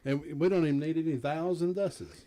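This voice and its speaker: A man's voice: a little high, fairly quick, a crowd in the background. A man hosting a morning radio show, joking around and laughing often. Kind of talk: casual radio banter.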